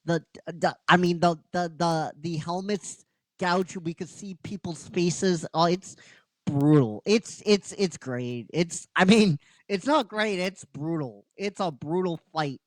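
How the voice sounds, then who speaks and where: A man's voice: high voice, slow, dry recording. A man hosting a show, retelling an episode with energy, often restarting and stressing his words. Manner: animated, with restarts and emphatic stresses. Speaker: host.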